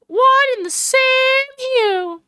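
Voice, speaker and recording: Woman streamer doing a brash country photographer, thick Southern drawl, scolding, bright and high. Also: slow, dry recording, clean studio sound, full character voice. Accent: exaggerated American Southern drawl. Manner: snappy, loud and scolding. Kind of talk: voicing game dialogue on a livestream.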